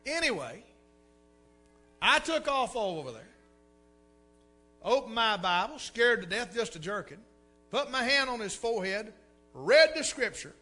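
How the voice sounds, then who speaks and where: A middle-aged preacher, telling a story in a folksy, animated way and repeating words for effect. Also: male voice, high-pitched, measured pace, long pauses, soft background music. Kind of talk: sermon storytelling.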